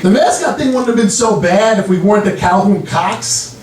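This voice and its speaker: High-voiced man doing stand-up. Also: normal speed, slight background noise. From Long Island, New York. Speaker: stand-up comedian. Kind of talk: stand-up set. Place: comedy club stage. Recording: roomy club sound from a distance. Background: audience laughter.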